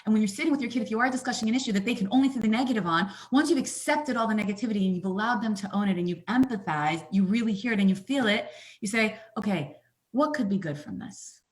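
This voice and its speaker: A woman and mother of young children, a guest on a talk show, explaining ideas with energetic, emphatic storytelling. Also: fairly high pitch, racing, hardly any pauses. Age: adult, mother of young children. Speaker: guest, coach.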